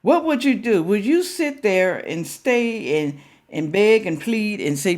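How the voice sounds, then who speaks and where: Lively-pitched older woman vlogger. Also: unhurried. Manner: emphatic, asks viewers rhetorical questions. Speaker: reaction vlogger. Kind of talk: casual chat to viewers.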